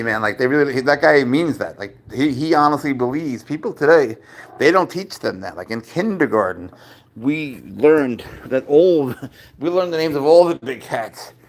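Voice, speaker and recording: A medium-pitched man, a vlogger who owns a cat, chats casually to viewers at home. He rambles and swears, now and then bursting into sudden loud exclamations.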